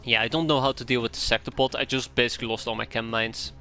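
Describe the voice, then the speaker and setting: A man commentating his live gameplay stream in a bright, forceful voice, complaining aloud and repeating himself. His pitch shoots up sharply when things go wrong, with quiet game music under him. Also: fairly even intonation, fast. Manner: exasperated, complains aloud, voice jumps high when upset.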